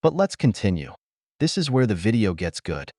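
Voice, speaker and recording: A man's voice: fairly low pitch, sing-song, normal speed, darkish tone. A man giving scripted reaction commentary, preaching to viewers he calls brothers.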